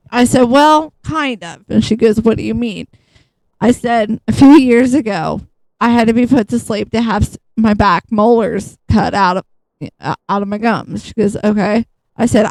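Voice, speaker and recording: A woman's voice: a little high, darkish tone, no room sound, poor audio. A woman hosting a gaming channel, chatting bluntly and casually, acting out both sides of a conversation and swearing freely. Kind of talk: casual storytelling while gaming.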